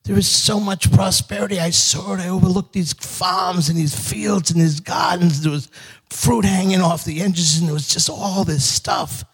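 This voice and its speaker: A man's voice: high voice, moderate pace, husky, voice pushed up. A man voicing an eager, wide-eyed boy who is amazed and pleading. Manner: excited, pleading.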